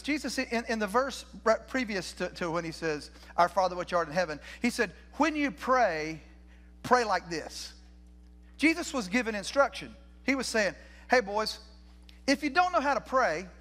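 A man's voice: sits high, fairly bright tone. An older man preaching a sermon as pastor in a church, folksy and conversational, restarting phrases and asking the congregation questions. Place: church sanctuary.

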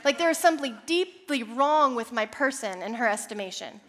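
A young woman preaching a sermon, telling a personal story with animated, self-deprecating humor. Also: on the high side, brisk. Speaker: church speaker.

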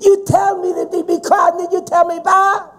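A man's voice: very high voice, level tone, moderate pace, a bit bright, soft background music, pitched above the performer's own voice. A man preacher voicing his sister as a stammering, whining woman on the phone. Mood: indignant. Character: exasperated middle-aged woman pleading on the phone.

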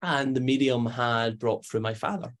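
A man's voice: medium pitch, normal speed. A Scottish man, guest on an interview, telling personal stories in a chatty way, acting out the voices of people he quotes and using many fillers. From Scotland. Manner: animated, acts out quoted voices, frequent fillers. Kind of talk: conversational storytelling.

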